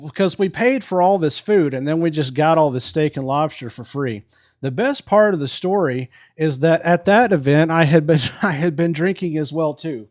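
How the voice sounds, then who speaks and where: A man's voice: on the high side, normal speed, a little mellow. A married man hosting a live stream, telling a story casually with swearing and laughs. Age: adult with a wife. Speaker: livestream host. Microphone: live stream microphone.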